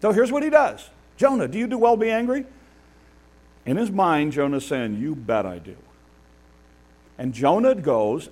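Male pastor, lively sermon delivery, high and very expressive voice. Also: slightly rough. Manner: animated, voices biblical figures, laughs at the text.

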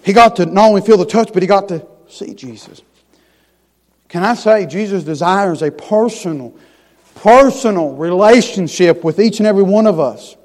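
A man with a high voice preaches a sermon in a church sanctuary, and his words ring out with a long hall reverb. His phrasing is folksy and down-home. He falls to hushed, tender lines, then builds to loud, rising emphasis. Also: normal speed. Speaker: pastor.

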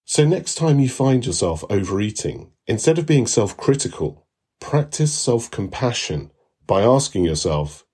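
A man teaching a recorded lesson in a calm, reassuring way, often repeating soothing phrases. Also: medium pitch, unhurried, slightly rough. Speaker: course instructor.

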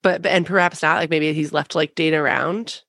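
A woman in casual chat about a TV show, chatty, slipping into animated quoted voices and laughing often. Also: deep voice, fairly quick, no room sound. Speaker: podcast co-host.

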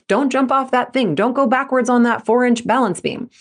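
A woman's voice: on the high side, normal speed, voice pushed up. Woman voicing a bossy warning brain voice. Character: cautious inner brain voice, protective and bossy.

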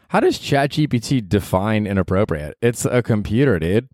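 A man's voice: mid-range voice, sing-song, moderate pace, hardly any pauses, a little mellow, no room sound, clean studio sound. A young man hosting his own podcast solo, telling rambling stories in a casual, profane way, laughing at himself and saying "dude" often. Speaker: podcast host.

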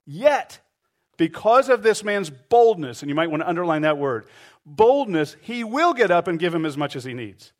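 Animated middle-aged male pastor preaching. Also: fairly high pitch, moderate pace. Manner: animated storytelling, acts out voices. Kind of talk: sermon.

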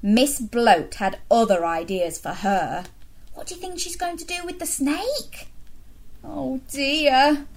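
Lady reading a kids story, bouncy lively voice, slow and clear. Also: fairly high pitch. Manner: animated, asks children questions. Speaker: children's storyteller. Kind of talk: children's story time reading.

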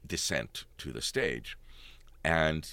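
Very deep-voiced animated man telling stories. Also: slow pace, no echo. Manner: animated storyteller, laughing often. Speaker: stage actor telling anecdotes. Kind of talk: casual storytelling chat.

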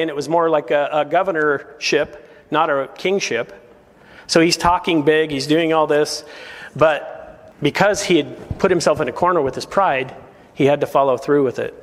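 A man's voice: on the high side, in a large hall. A man preaching a verse-by-verse sermon as pastor, earnest and emphatic, often putting rhetorical questions to his congregation.

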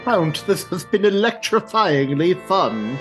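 Give me a man playing a cheerful monster in a mock British accent, hammy and a bit high. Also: big pitch swings, unhurried, music in the background. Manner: hammy, voice wobbling between accents.

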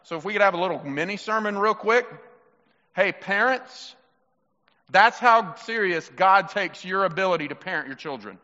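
A male pastor preaching a sermon in an animated, emphatic, conversational way. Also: high-pitched, moderate pace, long reverb tail, highs cut off.

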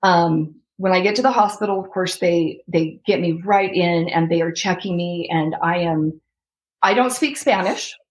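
Woman recounting an ordeal, low voice. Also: moderate pace, low-quality recording. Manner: animated, reenacts her own past words. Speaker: interview guest. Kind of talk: emotional personal story.

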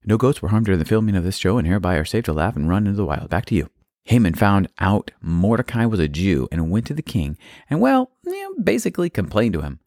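Man with a really low voice telling a kids' bible story, dry close sound. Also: sing-song, fast talker, a little mellow, dry recording. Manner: playful asides, plain telling. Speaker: narrator.

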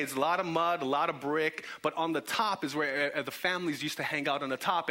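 A young man preaching a storytelling sermon in a church, playfully acting out the people in the story. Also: fairly high pitch. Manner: animated, playful, acts out the characters' voices. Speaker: guest preacher.

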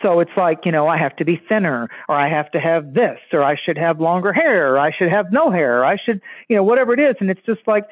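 A man telling stories in a casual podcast chat, animated and acting out the voices of people he quotes. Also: fairly high pitch, quick pace, hardly any pauses. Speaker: podcast guest. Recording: tinny phone-like line.

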